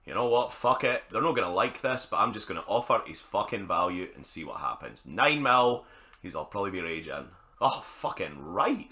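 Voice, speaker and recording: A young Scottish man talks through a football management game in a loose, chatty way, peppered with curses and blunt asides. His voice sits low but has a bright, forceful edge. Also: lively intonation, moderate pace. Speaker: gaming YouTuber. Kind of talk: casual gameplay commentary.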